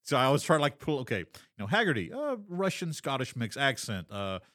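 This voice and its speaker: A man's voice: medium pitch, sing-song, a bit bright, dry recording, clean studio sound. A man co-hosting a podcast as a game master, chatting casually and rambling with lots of fillers. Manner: rambling, filler-heavy, drops into quick character voices. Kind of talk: casual chat.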